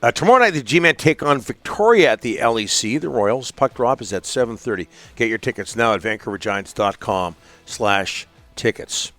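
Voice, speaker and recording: A man hosting a sports talk radio show, reading listener messages and sponsor spots in a casual, halting way. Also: mid-range voice, lively intonation, a bit bright, no echo. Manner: casual, halting reads with many fillers.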